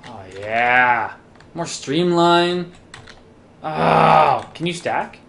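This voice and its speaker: Tipsy, excitable gamer with a lively voice. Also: medium pitch, extremely slow. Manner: excitable and profane, bursts into loud exclamations and silly sound effects. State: tipsy from drinking. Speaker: let's play gamer. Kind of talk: casual gameplay commentary.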